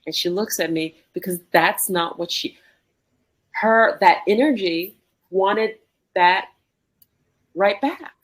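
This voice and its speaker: A woman co-hosting a podcast, telling a personal story in an animated way and acting out the dialogue. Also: mid-range voice, takes it slowly, long pauses. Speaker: podcast co-host. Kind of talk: conversational storytelling.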